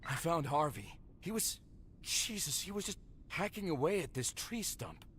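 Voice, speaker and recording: A man's voice: a little high, sing-song, moderate pace, a bit bright, a little hiss or hum. An actor playing a grumpy injured man lost in the woods, talking tersely and swearing under strain in a video game. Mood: shaken.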